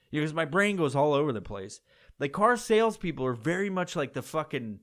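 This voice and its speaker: A man's voice: fairly high pitch, fairly bright tone. Profane, rambling male podcast host. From upstate New York. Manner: profane, digressive, full of restarts. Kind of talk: casual rambling monologue.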